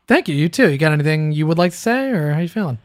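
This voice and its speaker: A man's voice: fairly high pitch, lively intonation, very fast, no echo, studio quality. A man hosting a podcast, chatting casually and telling jokey stories with his co-host. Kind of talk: casual chat.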